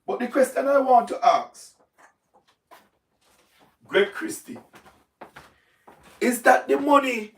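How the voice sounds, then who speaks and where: A man with a Jamaican accent giving emphatic, repetitive political commentary on a livestream, his voice going hoarse. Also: sits high. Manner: repetitive, emphatic, speaks in patois. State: hoarse, voice wearing out. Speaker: livestream host. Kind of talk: live-stream political commentary.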